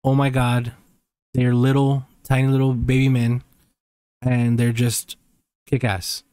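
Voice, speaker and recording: A man's voice: medium pitch, monotone, warm tone, clear, resonant tone, no echo. Laid-back rambling male podcast co-host. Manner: laid-back, rambling, drawn-out phrasing with hesitations. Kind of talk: casual chat.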